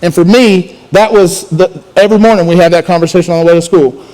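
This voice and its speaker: A man delivers a sermon as a student pastor. His voice sits high for a man. He talks like a friend across the table, stumbling, repeating and restarting as his thoughts run ahead. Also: quick pace, darkish tone, low-quality recording. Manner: conversational, repeats words and restarts often.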